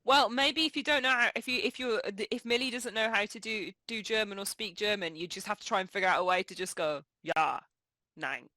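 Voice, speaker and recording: A woman's voice: mid-range voice, fast, hardly any pauses, sharp tone, no room sound. A woman playing a tabletop role-playing game, playful and joking with the group. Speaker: player. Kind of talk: casual tabletop play.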